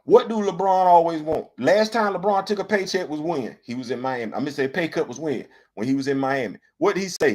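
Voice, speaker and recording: A man hosting a show, giving casual opinion commentary with animated rhetorical questions and colloquial talk. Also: on the high side, brisk, hardly any pauses. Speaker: host.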